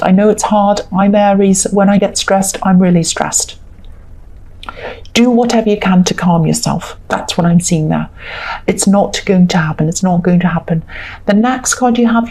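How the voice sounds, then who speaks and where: A woman's voice: mid-range voice, dark tone. A woman giving a casual tarot reading, soothing and repetitive, reassuring the listener again and again. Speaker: tarot reader.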